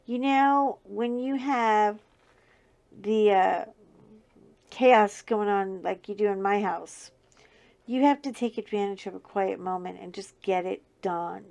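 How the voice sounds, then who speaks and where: A middle-aged woman hosts a crafting channel and chats casually while diamond painting, laughing often. Her voice is mid-range, gravelly, scratchy and a little mellow, and she speaks at a slow pace.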